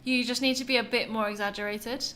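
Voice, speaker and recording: A woman's voice: on the high side, fairly even intonation, fast talker, a loud crowd. A young woman co-hosting a casual podcast, blunt and opinionated, laughing at herself. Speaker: podcast co-host, PhD student.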